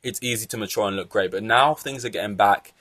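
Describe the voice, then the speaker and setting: A young man hosting a casual solo podcast, talking in an animated, exasperated way and swearing freely. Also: lowish voice, fast, no room sound. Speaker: podcast host.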